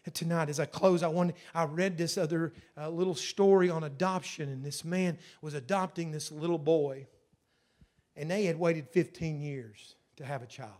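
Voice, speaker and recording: A man's voice: on the high side, steady tone, normal speed, darkish tone. A male pastor preaching a sermon and leading prayer, earnest, with a repetitive preaching cadence.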